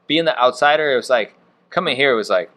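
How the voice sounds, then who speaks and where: A man's voice: medium pitch, lively intonation, fairly quick, sharp tone. A man in his thirties from Wisconsin, a chef and restaurant owner, chatting casually on a podcast in a laid-back way full of fillers. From Wisconsin, USA. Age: 30s.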